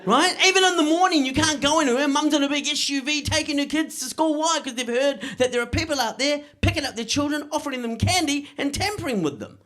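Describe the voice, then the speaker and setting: A middle-aged man performing a stand-up comedy set, delivering deadpan punchlines and checking in with the crowd. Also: very high-pitched, quick pace, hardly any pauses.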